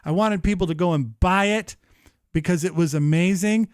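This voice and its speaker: A man in his thirties hosting a live-streamed show, chatting casually in an animated, profane, rambling way. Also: high-pitched, normal speed, clean tone, dry recording, studio quality. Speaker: livestream show host.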